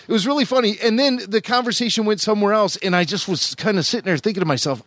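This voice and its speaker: Brief: male podcast co-host, higher voice, dry close sound, animated storyteller who laughs a lot. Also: fast, hardly any pauses, no echo. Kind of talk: casual chat.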